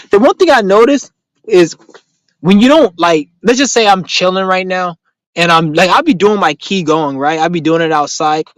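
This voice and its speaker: A man with a somewhat high voice rambles through a casual live-stream chat, heavy on profane street slang. He tells his stories with animation, and his voice is recorded close and dry, with no room sound. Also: no echo, low-quality recording. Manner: animated storytelling. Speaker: live stream host answering viewer questions.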